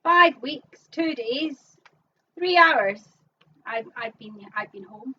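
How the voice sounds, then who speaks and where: A woman's voice: sits high, animated, takes it slowly, a little hiss or hum. A woman calling numbers as host of a live online bingo game, with chatty asides between calls. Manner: upbeat announcing, chatty asides. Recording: muffled, distant mic.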